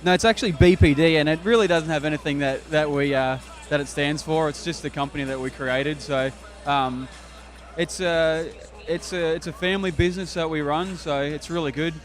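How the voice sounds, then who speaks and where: A man's voice: fairly high pitch, normal speed. An Australian man answering interview questions hesitantly, with many fillers. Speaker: equipment distributor, guest.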